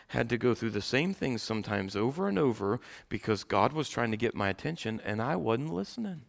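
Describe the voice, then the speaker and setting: A middle-aged male pastor preaching a sermon, swinging from loud preaching to quiet storytelling. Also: mid-range voice, gravelly.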